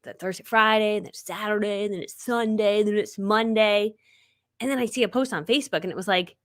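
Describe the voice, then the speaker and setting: She's a middle-aged woman telling chatty stories on a live stream, laughing often and acting out what people said. Her voice is medium in pitch, animated, brisk, and a little bright.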